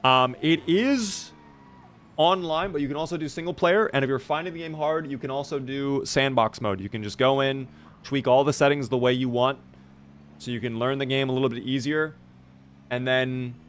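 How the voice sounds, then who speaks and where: A hoarse man commentating his own gameplay live, chatting with viewers and answering their questions. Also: medium pitch, a little hiss or hum. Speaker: streamer.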